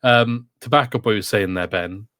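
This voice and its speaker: A man's voice: lowish voice, normal speed, fairly bright tone, no room sound, studio quality. A man hosting a casual podcast over a video call, chatty and steering the talk with questions. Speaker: podcast host.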